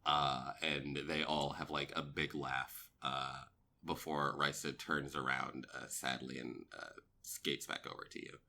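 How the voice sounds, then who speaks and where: A man's voice: extremely low pitch, flat delivery, measured pace, vocal fry, pushed and bright, a little hiss or hum. A man narrating as game master of a tabletop role-playing game, rambling with many fillers.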